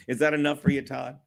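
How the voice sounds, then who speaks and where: His voice is high and a bit bright. As host of a casual solo livestream, he rambles on, swears a lot, and often dissolves into laughter.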